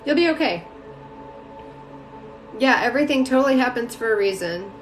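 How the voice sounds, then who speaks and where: A spiritual reader and mentor, a woman with a slightly high, animated voice, talks at normal speed while doing casual live-stream readings, greeting viewers by name with lots of fillers. Her home room is echoey, with faint music behind her.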